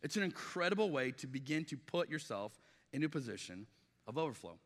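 A man's voice: mid-range voice, big pitch swings, a little fast. A middle-aged male pastor giving a conversational sermon, often acting out quoted dialogue, with frequent restarts. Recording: long reverb of a large hall.

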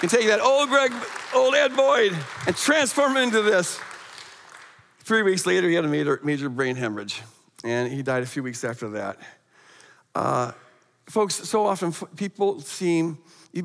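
A middle-aged man preaching as a guest speaker in a church. His voice sits high and has a gravelly edge. He talks animatedly, with emphatic rises and a lot of stammered restarts, and a long hall echo trails behind him. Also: animated, moderate pace, fairly bright tone, a faint crowd. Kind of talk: sermon storytelling. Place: church sanctuary.

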